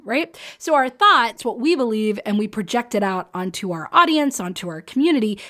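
Brief: woman, higher-pitched voice, solo podcast host coaching business owners, chatty and emphatic, laughs often.

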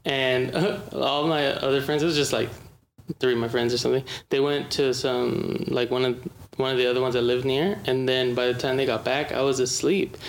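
Laid-back co-host on a podcast, middle pitch, faint hiss behind. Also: fairly even intonation, brisk, creaky, poor audio. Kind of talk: casual podcast chat.

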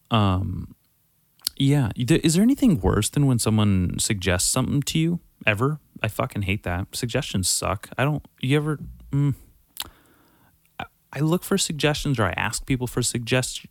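A man's voice: on the low side, dry recording. A man hosting a solo podcast, rambling casually, swearing constantly and correcting himself mid-sentence. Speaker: podcast host.

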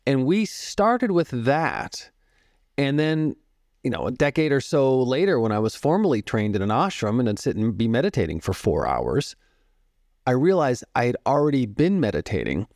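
A man in his fifties, a podcast guest, telling stories about music and meditation in a calm, reflective way and explaining through analogies. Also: medium pitch, normal speed, dry recording, clean studio sound. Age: 50s. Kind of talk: storytelling interview talk.

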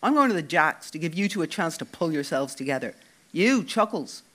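A man's voice: on the high side, sing-song, a little fast, fairly bright tone. A man voicing a touchy, stocky young Irish man who swears and bristles when teased. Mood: fed up. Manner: indignant, sweary, defensive.

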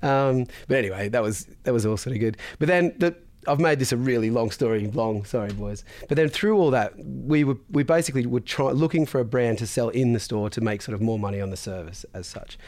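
Man, podcast guest, casual storyteller, loose and chatty, swears, mid-pitched voice. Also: a little fast, few pauses, a little mellow. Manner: chatty, swears freely, laughs often. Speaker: podcast guest, business founder.

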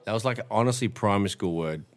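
A man's voice: on the low side, quick pace. A man in casual chat, tossing in short, dry one-line quips.

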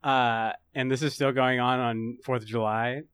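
A man's voice: mid-range voice, level tone, normal speed, a bit bright, clean tone, no echo, studio quality. A man co-hosting a casual sports podcast, laughing often and steering the talk along. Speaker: podcast co-host.

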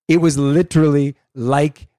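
A man co-hosting a podcast, talking in a relaxed, reflective way. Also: fairly high pitch, a little slow, no room sound, studio quality. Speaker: podcast co-host. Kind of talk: casual chat.

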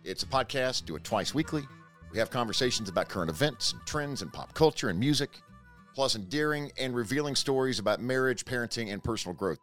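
A middle-aged man with a drawl hosts a casual podcast, teasing and folksy. His voice rises and falls in a lively way. Soft guitar plays faintly behind him. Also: medium pitch, fast. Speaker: podcast host. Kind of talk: casual chat.

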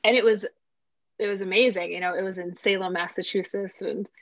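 A woman's voice: medium pitch, fairly even intonation, brisk, no echo. A woman host asks thoughtful, hesitant questions in a casual interview. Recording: dull lo-fi call audio.

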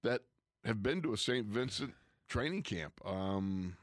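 Brief: ex-player co-host, lower-pitched man, animated raconteur, dry close mic. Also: measured pace, dry recording. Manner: animated storyteller, acts out quoted coaches and players. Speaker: former pro football player, co-host. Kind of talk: casual storytelling chat.

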